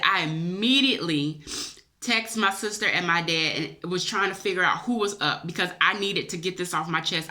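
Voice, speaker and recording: Lady vlogger, teary and chatty, kinda low but bright sharp voice, keeps saying y'all. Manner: emotional, chatty, addresses viewers as y'all. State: teary-eyed. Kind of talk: personal storytelling to camera.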